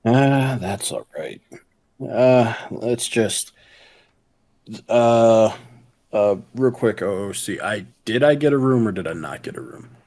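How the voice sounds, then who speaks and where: Man, tabletop player, slow and low, halting. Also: animated, darkish tone. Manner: hesitant, slightly formal in character. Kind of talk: tabletop role-play.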